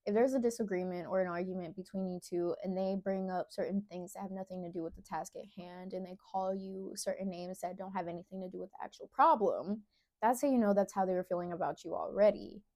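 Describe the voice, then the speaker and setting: A young woman vlogging candid advice, talking straight to the viewer with slow, emphatic phrasing. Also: medium pitch, steady tone, dark tone. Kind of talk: casual advice monologue to camera.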